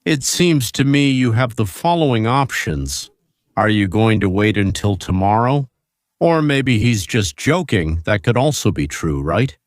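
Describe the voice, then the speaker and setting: A man's voice: lowish voice, very animated, a little slow, dry recording, studio quality. A male host giving opinionated political commentary, talking to viewers through rhetorical questions and hypothetical scenarios.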